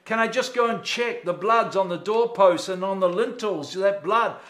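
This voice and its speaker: A man's voice: high-pitched, moderate pace, a bit bright. A man voicing a worried young Jewish boy who frets over whether all was done right, in an echoey church. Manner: uneasy, fretting.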